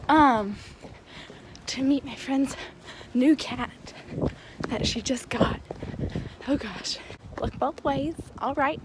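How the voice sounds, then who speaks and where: A young woman talking playfully, with exclamations, in a casual vlog among friends. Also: high voice. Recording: noisy phone recording.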